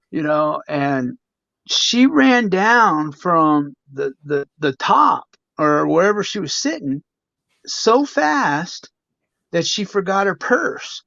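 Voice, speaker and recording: Gravelly-voiced man telling a story. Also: fairly high pitch, very animated, takes it slowly, sharp tone, dry recording, lo-fi sound. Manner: rambling, fills gaps with "you know". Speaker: guest, former pro wrestler. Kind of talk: casual storytelling in a podcast interview.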